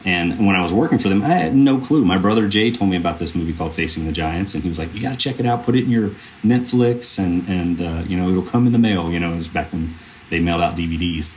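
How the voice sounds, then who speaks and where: Talking fast in a low voice, with a little hiss or hum in the background, this film producer in his thirties tells earnest stories as a podcast guest. The interview is casual, and he rambles with fillers and restarts.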